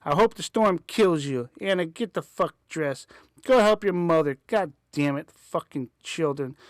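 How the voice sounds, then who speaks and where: A man voicing an enraged rural father who yells and curses. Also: fairly high pitch, expressive, measured pace, dry recording, clean studio sound. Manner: shouting, cursing, enraged. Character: furious, abusive rural father.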